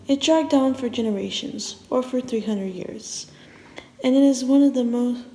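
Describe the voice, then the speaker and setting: A woman's voice: a little high, dark tone, a little hiss or hum. A woman telling a long story to viewers in a chatty way, often restarting her words, in an echoey room. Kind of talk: casual story narration.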